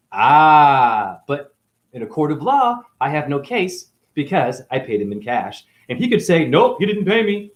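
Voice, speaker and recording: A man from Boston rambling on a livestream, animated and swearing, jumping between topics and acting out the people in his stories. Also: medium pitch. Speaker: livestream host.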